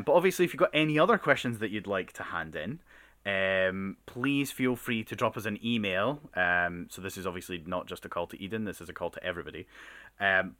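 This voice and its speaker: A man's voice: fairly low pitch, a bit bright, smooth. A man co-hosting a casual science podcast, rambling with frequent ums. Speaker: podcast co-host. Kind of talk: casual chat.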